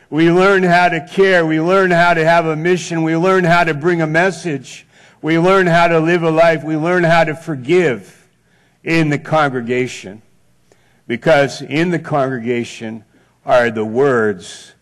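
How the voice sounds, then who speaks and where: Slow-preaching male pastor. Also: fairly high pitch, a bit bright. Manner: slow, deliberate preaching with repeated phrases. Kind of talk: sermon. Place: church sanctuary.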